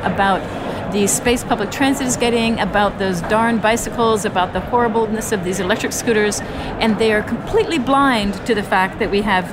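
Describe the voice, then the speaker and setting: An earnest woman in a conversational interview, recorded outdoors on a city street. Loud traffic and vehicles rumble steadily behind her mid-range voice. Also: brisk. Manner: earnest, storytelling, restarts phrases. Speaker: interview guest, urban mobility advocate.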